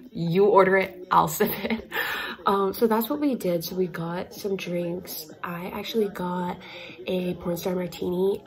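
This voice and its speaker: A woman's voice: fairly low pitch, creaky, darkish tone. A young adult woman telling a travel story to the camera in a casual, chatty vlog, with lots of fillers and small laughs. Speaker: vlogger. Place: indoors, facetime-style talking to camera.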